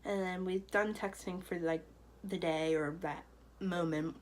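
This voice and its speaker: A woman's voice: on the low side, steady tone, measured pace, poor audio. A young woman telling a personal story to camera in a loose, chatty way, full of fillers. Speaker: vlogger.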